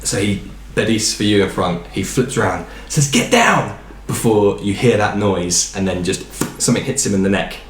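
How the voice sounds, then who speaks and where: A man narrating a tabletop game as dungeon master, in a relaxed, rambling way with fillers. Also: on the low side, brisk, few pauses, echoey room, slight background noise.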